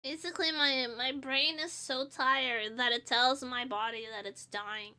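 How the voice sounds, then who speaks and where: High, bright, nasal young woman streamer. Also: fairly even intonation, unhurried, smooth. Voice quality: nasal, sniffly. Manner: rambling, self-deprecating, laughs often. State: stuffy nose. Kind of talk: casual chat.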